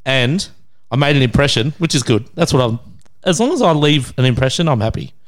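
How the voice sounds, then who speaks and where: A man's voice: mid-range voice, animated, fairly quick. A man in his thirties with an Australian accent, co-hosting a casual podcast, crude and laughing, acting out the people in his stories. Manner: crude, laughing storyteller who acts out quoted voices. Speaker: podcast co-host.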